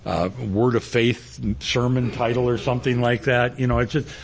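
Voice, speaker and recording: A man's voice: medium pitch, steady tone, moderate pace, vocal fry, a little hiss or hum. A male pastor preaching a sermon, telling a rambling, folksy personal story.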